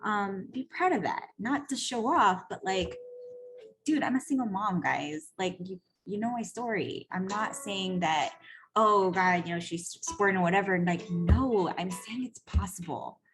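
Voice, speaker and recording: A woman coach telling a story in a casual, profane monologue, animated and full of "like" and "right?". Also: medium pitch, measured pace. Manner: animated, acts out quoted voices. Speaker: personal growth coach.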